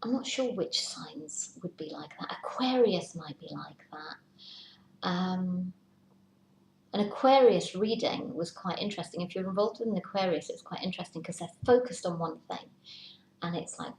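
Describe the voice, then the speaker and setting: A woman's voice: fairly low pitch, expressive, moderate pace, vocal fry, darkish tone. A woman giving a casual tarot reading, chatty, sometimes dropping into a whisper to act out worries. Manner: chatty, acts out worried inner voices in whispers. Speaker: tarot reader. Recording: echoey room, faint hiss.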